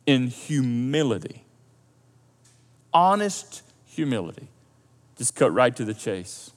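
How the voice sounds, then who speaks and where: Animated man preaching in a hall. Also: mid-range voice, slow pace, pauses often. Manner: animated, conversational preaching with repetitions. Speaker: pastor. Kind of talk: sermon. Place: church auditorium. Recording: echoey hall.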